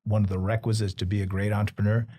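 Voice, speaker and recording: A man hosting a podcast, giving reflective, measured advice in conversation. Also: fairly low pitch, little pitch movement, warm tone. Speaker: podcast host.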